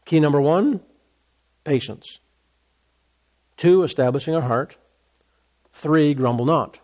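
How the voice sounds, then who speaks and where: A man's voice: a little high, slow, darkish tone. A male pastor preaching a sermon, repeating key words for emphasis and asking rhetorical questions.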